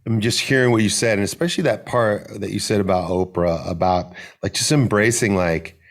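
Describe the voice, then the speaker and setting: Very deep-voiced man hosting a podcast. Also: brisk. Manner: rambling, searching questions with casual swearing. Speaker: podcast host. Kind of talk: casual interview talk.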